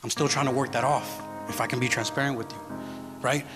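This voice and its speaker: A man's voice: mid-range voice, steady tone, brisk. A man giving a sermon as guest preacher, telling a personal story in a conversational way and often checking in with the congregation. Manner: storytelling, conversational, asks the audience "right?". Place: church hall with congregation. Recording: church hall reverb with music.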